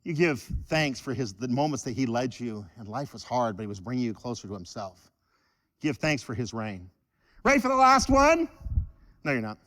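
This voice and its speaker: A man preaching a sermon in church, animated and joking with the congregation. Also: mid-range voice, moderate pace, big-room sound. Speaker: pastor.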